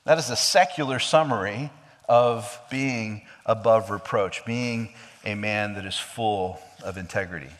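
A man's voice: on the low side, a little slow. A man preaching a sermon, explaining scripture with emphatic, questioning delivery. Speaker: pastor. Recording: long hall reverb.

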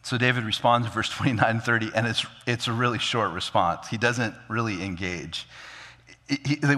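A man preaching a sermon, animated, acting out the characters' lines with big jumps in pitch. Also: a little fast. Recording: long hall reverb.

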